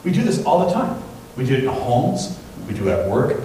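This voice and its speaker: A man preaching a sermon in a church, talking in a conversational, animated way and acting out the people in his stories. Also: medium pitch, brisk, far from the mic, a little hiss or hum. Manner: conversational, animated storytelling with quoted voices. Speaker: pastor. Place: church sanctuary. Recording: very echoey hall, voice from off-mic.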